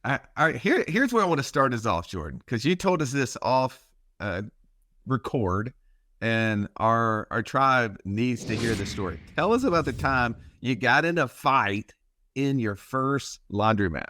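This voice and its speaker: A man's voice: mid-range voice, very animated, measured pace, sharp tone, slight background noise. A man hosting a podcast, eagerly asking his guest to tell a story. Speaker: podcast host. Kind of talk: interview question.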